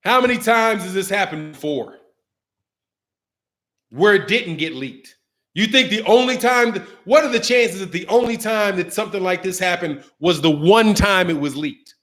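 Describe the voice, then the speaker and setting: Man, boxing channel host, casual rant, slangy, mocking, fairly high voice. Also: moderate pace, fairly bright tone.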